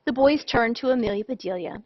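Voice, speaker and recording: A woman reading a children's storybook aloud in an expressive, animated way. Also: a little high, fairly quick, dry recording. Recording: dull lo-fi dry sound.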